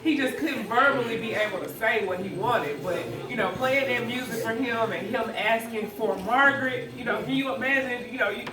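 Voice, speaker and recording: A woman's voice: fairly high pitch, normal speed, hardly any pauses. A woman giving a eulogy for her grandfather, talking conversationally and laughing through her grief. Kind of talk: emotional memorial speech. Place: church funeral service. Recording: echoey hall, distant mic, crowd.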